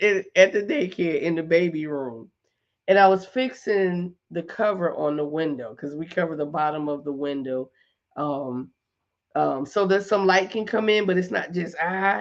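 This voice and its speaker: Slow, gravelly middle-aged woman host. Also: on the low side, dull audio. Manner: animated, emphatic repetition, laughs often. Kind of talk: casual live chat to viewers.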